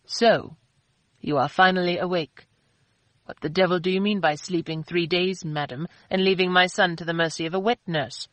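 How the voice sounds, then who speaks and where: A woman narrator voicing a gruff, brooding man nursing a hangover, given to blustering outbursts. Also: lowish voice, steady tone, normal speed, no room sound, lightly acted. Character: gruff, brooding hungover man, quick to anger.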